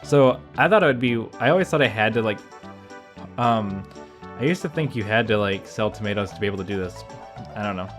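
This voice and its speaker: A man's voice: on the low side, fairly quick, soft background music. Chatty man doing game commentary. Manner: chatty, thinks out loud, rambling asides. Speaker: gameplay YouTuber. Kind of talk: casual let's-play commentary.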